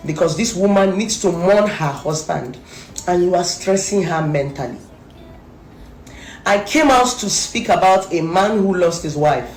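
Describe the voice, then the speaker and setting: A woman's voice: on the low side, animated, normal speed, darkish tone, a little hiss or hum. A woman with a Nigerian accent delivering a fierce, accusing rant to camera, hammering her points with repetition. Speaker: social media commentator. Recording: echoey room, faint background music.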